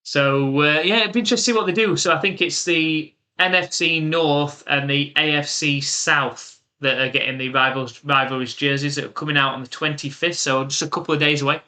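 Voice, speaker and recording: A man's voice: fairly high pitch, pushed and bright. A man with an English accent from the UK, giving live play-by-play commentary and chatting casually with stream viewers.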